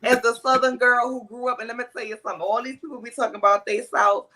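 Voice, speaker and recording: A woman from New Orleans with a New Orleans accent, a panelist telling stories in casual chat with a folksy, animated manner. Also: a little high, fast talker.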